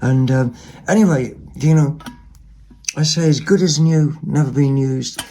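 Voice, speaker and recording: Gravelly man chatting casually. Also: medium pitch, unhurried, mellow, slight background noise. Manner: rambling, chatty, lots of ums and asides. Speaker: vlogger showing second-hand finds. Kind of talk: casual show-and-tell chat. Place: home, at a table.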